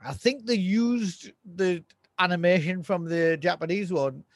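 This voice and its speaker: A man's voice: high-pitched, a little slow, no echo. A man co-hosting a podcast in casual chat, making dry, wry jokes and chuckling now and then. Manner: dry, wry humour, chuckles, a few stammers. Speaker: podcast co-host.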